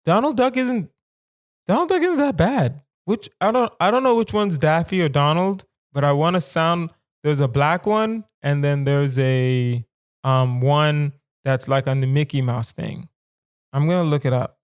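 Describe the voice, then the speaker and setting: A man in his thirties from the southern United States, hosting a solo comedy podcast in a rambling, animated way and putting rhetorical questions to his listeners. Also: a little high, unhurried, smooth. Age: 30s. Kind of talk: casual solo podcast musing.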